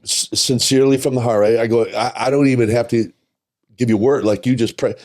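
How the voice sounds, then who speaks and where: An older man from Minnesota, a podcast guest telling stories in a casual, animated way, often repeating words and laughing. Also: mid-range voice, brisk. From Minnesota, USA. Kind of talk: casual storytelling interview.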